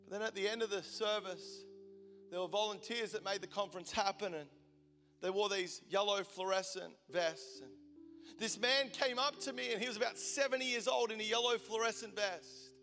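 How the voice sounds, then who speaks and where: A man in his forties preaches with a high, bright, forceful voice, moving between fervent bursts and near-whispered lines. His voice rings with long reverb in a large hall, and soft instrumental music sits underneath. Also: normal speed. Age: 40s. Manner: passionate storytelling, swinging from loud intensity to hushed tones. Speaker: pastor. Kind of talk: sermon.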